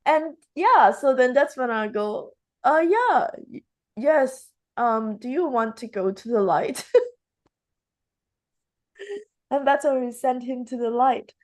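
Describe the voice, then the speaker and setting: A woman's voice: sits high, expressive, slow, long pauses. A woman hosting a casual talk show, retelling experiences and acting out the dialogue as she goes. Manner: acts out dialogue while retelling stories. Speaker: spiritual show host. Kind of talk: casual conversation, storytelling.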